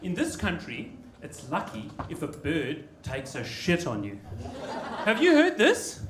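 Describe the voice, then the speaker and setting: South African man doing stand-up, lively pitch. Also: measured pace. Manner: laid-back, tags lines with "you know" and "eh". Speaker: stand-up comedian. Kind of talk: live stand-up set. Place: comedy club stage. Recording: echoey club with audience noise.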